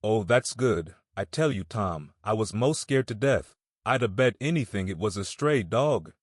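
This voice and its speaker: A man's voice: on the low side, lively intonation, moderate pace, no echo, studio quality. A man voicing a superstitious country boy who speaks in thick rustic dialect in a storybook reading. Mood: frightened.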